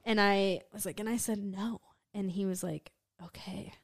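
A young woman co-hosting a podcast, telling a personal story in casual chat with lots of "like" fillers, often dropping to a soft low voice. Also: fairly even intonation, moderate pace, no room sound, clean studio sound. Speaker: podcast co-host.

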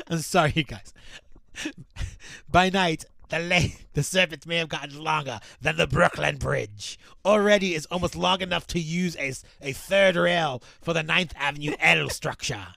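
A man doing a gruff old sea captain voice, drawn out and deliberate. The tone is gravelly and bright, with every phrase given weight like a yarn told on the docks. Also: fairly high pitch, no room sound, heavily acted. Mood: storytelling. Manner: slow, deliberate storytelling read. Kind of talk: reading an old newspaper account in character.

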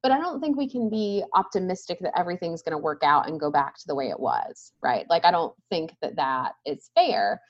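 A woman's voice: on the low side, lively intonation, brisk, few pauses. Thirties woman chatting as a guest, keeps saying right?, kinda muffled sound. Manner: thoughtful, often ends points with a questioning "right?". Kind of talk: casual conversation.

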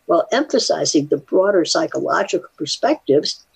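An older woman, a psychologist, chatting casually and reading a study aloud with animated asides. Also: low-pitched, a little fast, gravelly, husky. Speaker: psychologist guest.

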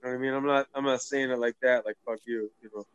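A man's voice: medium pitch, fairly even intonation, rapid-fire, fairly bright tone, clean tone, dry recording, dull audio. A man in loose, joking chat with friends, swearing freely. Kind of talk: casual chat among friends.

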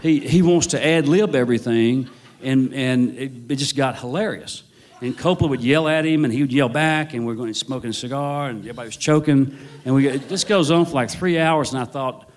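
A man's voice: mid-range voice, moderate pace. A male novelist, telling a rambling, wry story full of restarts. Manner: rambling, self-correcting, wry. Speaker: novelist guest. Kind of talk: anecdotal storytelling.

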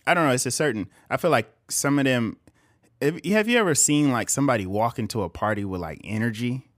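A man's voice: mid-range voice, expressive, a little fast, no echo, clean studio sound. A man on a podcast, talking things over in a hesitant, reflective way and laughing often. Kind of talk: casual chat.

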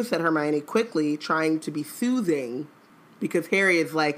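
A woman co-host chats and jokes, breaking into reading passages aloud. Her voice sits on the low side. The talk is animated. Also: moderate pace. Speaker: podcast co-host. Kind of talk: casual chat and reading aloud.

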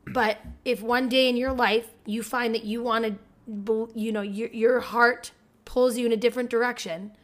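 Animated woman telling family stories. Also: fairly high pitch, moderate pace. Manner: animated storyteller, swears casually. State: mother of four. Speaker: podcast co-host. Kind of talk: casual chat.

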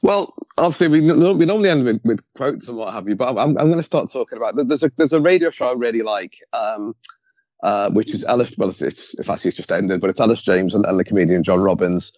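A man's voice: fairly low pitch, animated, quick pace, a little mellow, dry recording, muffled recording. A man with a Scouse accent chatting on a podcast, enthusiastic, stumbling over words as he starts. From Liverpool, England. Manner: enthusiastic, repeats words when starting sentences. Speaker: podcast co-host. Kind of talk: casual chat.

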